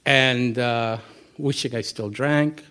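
A man's voice: mid-range voice, steady tone, slow pace, bright, forceful tone, smooth. A middle-aged man, a Buddhist teacher, giving a candid, conversational talk to a live audience and telling a personal story with frequent restarts.

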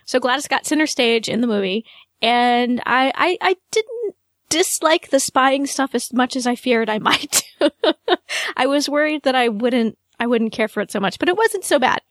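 A woman's voice: fairly high pitch, no room sound, clean studio sound. A woman co-hosting a podcast in casual chat, thoughtful and careful, hedging as she talks. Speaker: podcast co-host.

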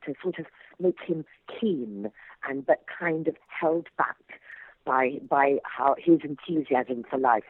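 An older woman with a received pronunciation accent, telling stories as an actress guest in an interview, animated and quick to drop into character voices. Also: sits low, no echo. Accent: English received pronunciation. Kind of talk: anecdotal interview chat. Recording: dry phone-like line.

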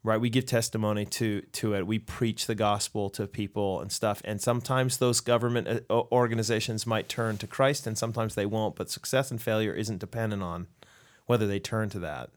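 A man's voice: lowish voice, steady tone, fairly quick, few pauses. A man co-hosting a podcast, talking casually and explaining ideas with quoted asides. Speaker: podcast co-host. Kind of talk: casual theological discussion.

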